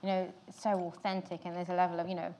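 A woman's voice: lowish voice, monotone, quick pace, dark tone. A woman interviewer asking long, hedged questions full of "kind of" and "you know".

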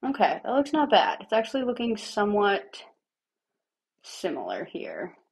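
Brief: woman streamer, gravelly and raspy from a lingering cough, casual makeup chat that talks through each step, slips into near-whispers. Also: medium pitch, wildly swooping pitch, normal speed. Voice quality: raspy, like a smoker. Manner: chatty, thinks aloud while working, drops to near-whispers. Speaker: livestreamer.

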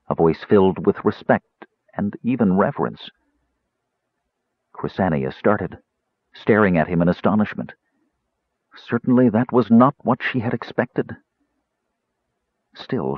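A man narrates a novel in a low, husky voice, his pitch rising and falling in a lively way. His reading is expressive and dramatic. The recording is dry and close, with a slightly dull tone. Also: no echo. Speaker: audiobook narrator. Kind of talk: scripted narration.

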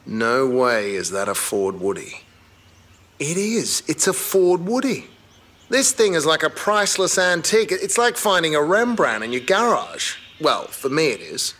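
A man's voice: medium pitch, big pitch swings, unhurried, fairly bright tone, slightly rough, exaggerated voice. An actor playing an eager male car-hunting sidekick with an Australian accent, an awed and chatty car enthusiast in video game dialogue. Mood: excited.

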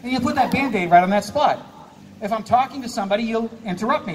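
A man with an extremely high-pitched voice delivers quick, animated stage show patter as a hypnotist, laughing often and playfully commanding his volunteers. It's captured from a distance on a live theater stage, with a little hiss or hum.

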